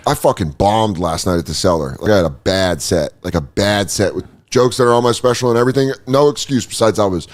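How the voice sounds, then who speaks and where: A man's voice: lowish voice, brisk, few pauses. A man hosting a podcast who tells stories in a loose, profane, casual comedic chat.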